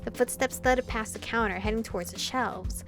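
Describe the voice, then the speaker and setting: A young woman playing through a visual novel and reading it aloud, breaking off for animated, laughing asides. Her voice sits a little high, and game music plays steadily underneath. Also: normal speed. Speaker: gaming video host.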